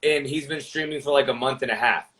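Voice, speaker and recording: A man's voice: mid-range voice, brisk, fairly bright tone, poor audio. A young man, a gaming streamer, talking casually as a podcast guest, rambling with lots of fillers and restarts.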